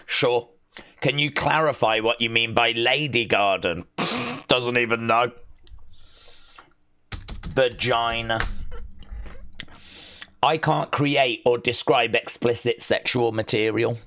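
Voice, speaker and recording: A man's voice: medium pitch, takes it slowly, long pauses, bright, forceful tone. A man hosting a casual livestream, rambling and joking as he reads text aloud to himself. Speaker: livestream host.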